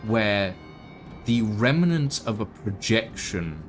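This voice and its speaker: A man narrating as game master in a tabletop game, with halting, filler-heavy delivery. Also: lowish voice, big pitch swings, soft background music.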